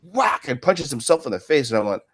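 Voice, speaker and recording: This man in his fifties, a martial arts instructor, rambles through long stories in a casual interview, frequently adding "right?" He speaks a little fast, with a medium-pitched, fairly bright voice and big pitch swings.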